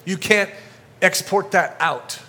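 A male pastor preaching a sermon to a congregation in a church, energetic and conversational, getting fired up as he talks. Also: high-pitched, slow.

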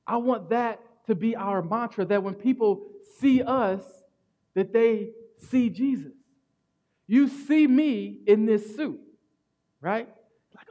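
A man preaching a sermon as pastor, telling stories in an animated way that swings from loud to hushed. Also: sits high, moderate pace, lo-fi sound.

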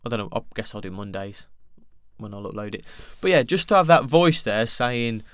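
A young man speaks alone into a close mic, rambling candidly and swearing now and then. His voice is smooth and resonant. The sound is dry, with no room around it. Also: on the low side, expressive, moderate pace, no room sound. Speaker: podcast host. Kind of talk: solo podcast monologue.

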